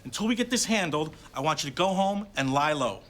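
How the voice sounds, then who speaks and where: A fast, sarcastic boss. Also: male voice, fairly high pitch. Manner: rapid, sarcastic, animated. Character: frantic sarcastic male station boss. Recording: sitcom soundtrack with loud audience laughter.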